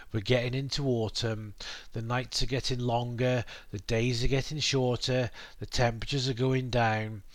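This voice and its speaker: A British man talks into a computer mic at his desk at home. His voice sits in a middling register, and the sound is dry and close with no room echo. He rambles casually, pausing on fillers and asides. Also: mid-range voice. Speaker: podcast host. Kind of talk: casual monologue explaining English words.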